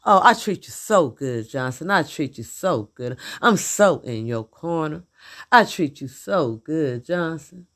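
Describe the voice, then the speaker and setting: A woman mimicking her defensive, huffy middle-aged husband in a higher, whiny voice. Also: lively intonation, a little slow, fairly bright tone, heavily acted. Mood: smug.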